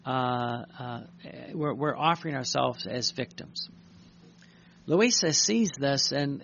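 Gravelly priest preaching earnestly. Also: male voice, medium pitch, a bit bright, dull audio, a little hiss or hum. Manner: earnest, repeats words, reads aloud slowly then tells stories. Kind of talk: sermon reading and commenting on a devotional text.

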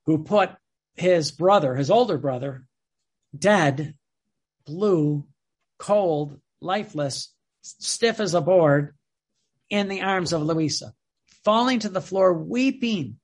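A man's voice: high voice, slow pace, long pauses, breathy edge. A man preaching a sermon in a fervent way, repeating words and phrases for emphasis.

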